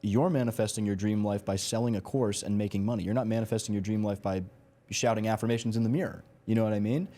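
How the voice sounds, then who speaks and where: Male podcast host, low and warm, relaxed chatty interviewer. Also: fast. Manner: relaxed, chatty, says "man" often. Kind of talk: casual interview chat.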